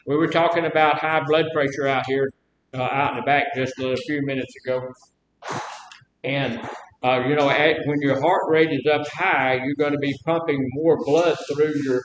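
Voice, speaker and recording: A man with a Southern drawl teaches a live class, folksy and fond of quizzing his listeners. His voice sits a touch high. The room is echoey, with a faint rumble underneath. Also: highs cut off. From Mississippi. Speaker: class instructor. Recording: roomy echo, faint rumble.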